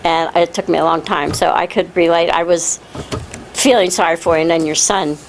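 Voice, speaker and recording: A woman with a fairly low voice responds to a speaker with casual, joking remarks. Her speech comes over an audible background hiss. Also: steady tone, normal speed. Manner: chatty, joking, relating own story. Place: club meeting room.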